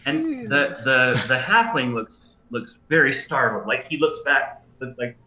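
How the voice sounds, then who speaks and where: A man running a tabletop game as dungeon master, narrating the scene haltingly with many restarts and ums. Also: medium pitch, big pitch swings, roomy sound, a crowd in the background, poor audio. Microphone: livestream mic.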